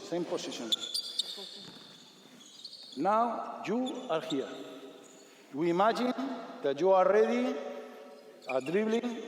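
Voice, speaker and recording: Male coach, energetic drill commands, faint ball bounces under roomy arena reverb. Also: high-pitched, noisy background. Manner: energetic, repetitive commands, non-native English. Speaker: basketball coach. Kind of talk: on-court coaching demonstration. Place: large sports arena. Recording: echoey arena from a distance.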